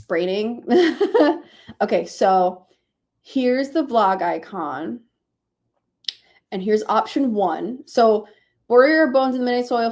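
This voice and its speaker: Woman streamer, casual and chatty, a bit sleepy, laughs easily while brainstorming with chat. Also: medium pitch. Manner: chatty, laughs often, thinks aloud. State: sleepy, yawning. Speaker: streamer hosting reading sprints.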